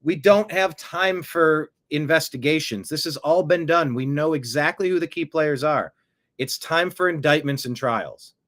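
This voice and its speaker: A man hosting casual political commentary, animated and jokey, reading out viewer comments. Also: on the high side, normal speed. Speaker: commentary host.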